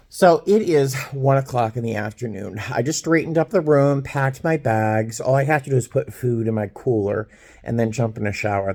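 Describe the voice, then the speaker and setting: A man in his fifties, a flight attendant, vlogging casually from a hotel room and telling a story in a chatty, animated way. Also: mid-range voice. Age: 50s. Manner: chatty storyteller, animated, quotes people in voices. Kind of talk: casual vlog chat.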